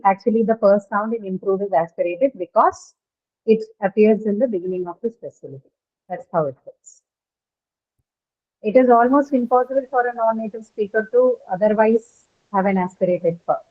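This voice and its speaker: A woman teaching phonetics in an online class, explaining step by step and quizzing her students. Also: fairly high pitch. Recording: tinny phone-like call audio.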